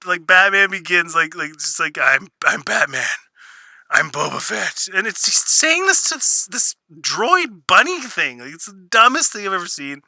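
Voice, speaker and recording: A man's voice: high voice, big pitch swings, normal speed, hardly any pauses, bright, forceful tone, dry recording. A man ranting sarcastically through a spoiler review, exasperated and mocking what he reviews. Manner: sarcastic, exasperated, mocks lines in put-on voices. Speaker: show reviewer.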